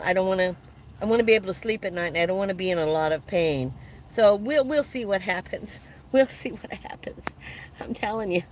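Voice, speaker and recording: A woman's voice: mid-range voice, slight background noise, poor audio. A woman in her seventies hosting a casual livestream from her van, chatting and thanking viewers as she reads their comments. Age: 70s. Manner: chatty, warm thanks to viewers, frequent laughs. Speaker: livestream host. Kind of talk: casual live chat reading comments.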